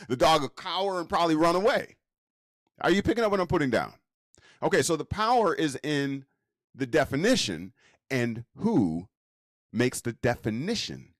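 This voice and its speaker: A man's voice: very animated, no room sound, clean studio sound. A man giving a casual lecture. He keeps asking the listener rhetorical questions. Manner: slow, drawn-out delivery with wide pitch swings. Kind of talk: casual teaching talk.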